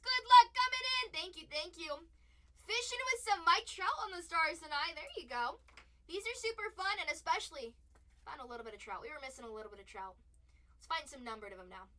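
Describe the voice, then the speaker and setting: Bubbly young woman doing a live card break stream, high bright voice, jumps all over, laughs a lot. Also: distant mic. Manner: chatty and playful, laughs often, hypes each pull.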